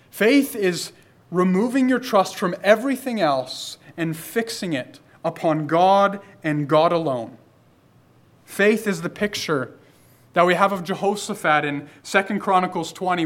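A man preaching a sermon, building emphasis through repeated phrases and slowing down to stress key lines. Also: fairly high pitch, fairly bright tone.

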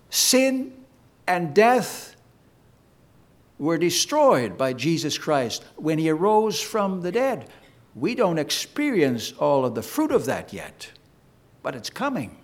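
A man preaching a sermon to his congregation, with an emphatic, deliberate cadence. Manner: emphatic, slow preaching cadence with sweeping pitch. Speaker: pastor.

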